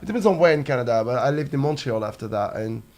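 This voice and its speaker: A man's voice: mid-range voice, animated, quick pace, darkish tone. A man telling stories as a guest on a casual chat show, laughing as he goes. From France. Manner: chatty storyteller, laughs while telling anecdotes.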